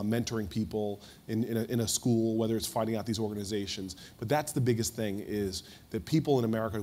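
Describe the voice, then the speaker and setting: A man's voice: lowish voice, darkish tone, slight background noise. A man in his forties speaking on a conference panel before an audience, telling an anecdote with energy and often repeating a word as he starts a sentence.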